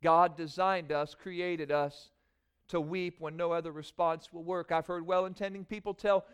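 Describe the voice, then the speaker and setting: A man preaching a sermon in a church, moving from quiet prayer into rising, emphatic preaching. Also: fairly high pitch, fairly even intonation, normal speed, clean tone. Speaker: pastor. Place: church sanctuary.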